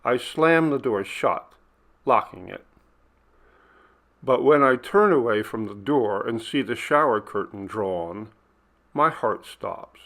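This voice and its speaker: Guy reading a ghost story real slow, gravelly voice, tense and hushed. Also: medium pitch, lively intonation. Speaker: audiobook reader. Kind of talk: scripted ghost story narration.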